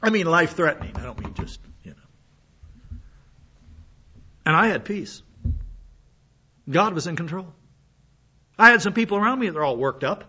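A man's voice: sits high, lively intonation, normal speed, pauses often, sharp tone, a little hiss or hum. A man preaching a sermon in a folksy, conversational way, full of asides, while he is sick with a cough. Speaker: pastor. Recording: dull lo-fi sound.

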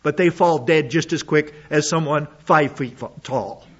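A man's voice: on the high side, measured pace, husky, highs cut off. A man preaching an expository sermon, reading scripture aloud and commenting on it with blunt sarcasm.

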